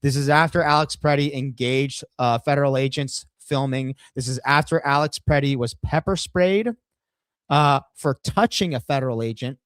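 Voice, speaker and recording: A man's voice: mid-range voice, moderate pace, a bit bright, clean tone, no room sound. A man co-hosting a podcast, brash and profane, walking viewers through a video. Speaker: podcast co-host. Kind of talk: casual podcast discussion.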